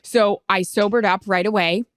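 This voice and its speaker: A woman in her thirties co-hosting a podcast, telling a personal story in an animated, casual way and acting out the people she quotes. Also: mid-range voice, moderate pace, no echo, clean studio sound. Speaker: podcast co-host. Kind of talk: casual chat. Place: remote, at home.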